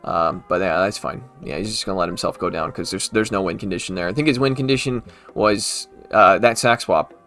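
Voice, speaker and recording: Man, fast casual gaming commentary, chatty, self-correcting, light music bed. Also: low-pitched, a bit bright. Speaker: gaming channel host.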